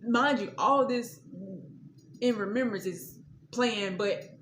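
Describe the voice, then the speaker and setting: A woman's voice: on the high side, slow, a bit bright. Woman guest, chatty laughing storyteller, echoey noisy room. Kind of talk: casual faith testimony. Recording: echoey room, audible noise.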